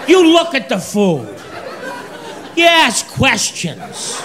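A stand-up comedian doing an exasperated routine, shouting the punchlines at a live show. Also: mid-range voice, huge pitch swings, takes it slowly, pauses often, crowd noise, noisy background. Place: comedy stage before an audience. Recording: live show with loud audience laughter.

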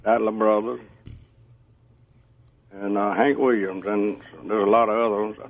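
Gravelly caller on a phone line. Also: male voice, on the low side, level tone. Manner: easygoing, chuckling, halting. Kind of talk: casual phone chat. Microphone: telephone.

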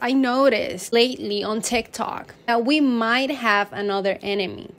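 A woman's voice: fairly high pitch, moderate pace, loud music behind the voice. A young woman vlogger narrating an invented history in a dramatic, playfully over-serious way. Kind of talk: mock-serious comedic history storytelling.

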